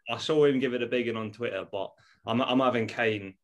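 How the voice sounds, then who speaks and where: A man's voice: mid-range voice, quick pace. A man from Jersey, a guest on a football podcast, talking in an easygoing, casual way. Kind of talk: casual chat.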